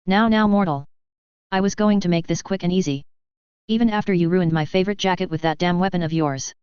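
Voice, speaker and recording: A reader voicing a cruel, taunting male vampire who speaks with slow menace, on a slightly dull recording. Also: medium pitch, darkish tone, clean tone, dry recording, lightly acted. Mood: menacing. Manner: menacing, mocking.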